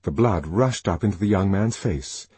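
A man's voice: sits low, lively intonation, normal speed, darkish tone, slightly rough, dry recording. A man narrating a novel aloud, reading expressively and shifting his voice for the characters. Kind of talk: scripted audiobook narration.

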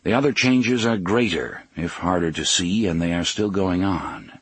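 A man voicing a weathered gunslinger leader, speaking in a measured, solemn, old-fashioned way. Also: low-pitched, husky, dry recording. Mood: grave.

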